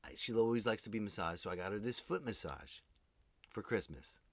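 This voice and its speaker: Male podcast host, lowish voice, forceful and ranty, talks straight to his listeners, swears freely, dry close sound. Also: brisk, no echo. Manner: animated, ranting, swears freely; addresses listeners directly. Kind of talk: comedic solo monologue.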